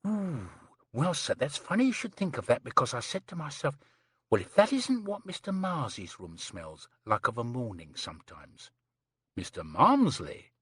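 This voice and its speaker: A man's voice: mid-range voice, big pitch swings, moderate pace, fairly bright tone, slightly rough, no echo, clean studio sound, exaggerated voice. A man voicing a chatty, prim young housemaid who rattles on breathlessly, saying "sir" constantly. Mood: earnest. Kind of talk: audiobook character reading.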